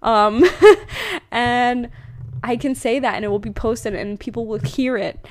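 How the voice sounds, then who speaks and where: A woman's voice: on the high side, a little slow. A young woman hosting her own podcast, talking casually and rambling, with lots of fillers and self-corrections. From United States. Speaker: podcast host. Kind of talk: casual solo podcast monologue.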